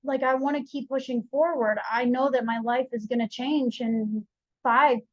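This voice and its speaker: A young woman with a fairly high voice tells her own story as a podcast guest, chatty and animated, acting out what others said. The sound is dull and lo-fi, with a dry, close feel. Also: normal speed, dry recording. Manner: chatty, animated retelling with quoted dialogue. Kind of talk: candid personal story.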